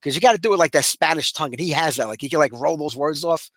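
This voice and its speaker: A man's voice: on the high side, rapid-fire, fairly bright tone, no room sound. A man with a Brooklyn accent hosting a radio show in casual, rambling chat full of fillers.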